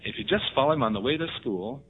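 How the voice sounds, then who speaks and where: A man preaching a sermon with animated storytelling, jumping up in pitch to act out quotes. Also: quick pace, breathy edge. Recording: tinny phone-like band.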